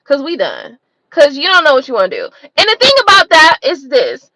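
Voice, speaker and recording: A woman's voice: high voice, huge pitch swings, a little fast, pushed and bright, no echo, rough recording. A woman hosting her own channel, ranting in a blunt, profane, exasperated way full of rhetorical questions. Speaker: tarot reader and channel host. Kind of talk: unscripted livestream rant.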